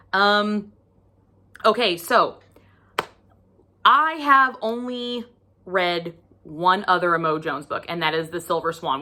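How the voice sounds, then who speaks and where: Woman book vlogger, bright forceful voice, emphatic, lots of swearing, low-ish pitch. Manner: emphatic, profane, animated with mock reactions. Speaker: book reviewer. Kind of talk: casual book review vlog.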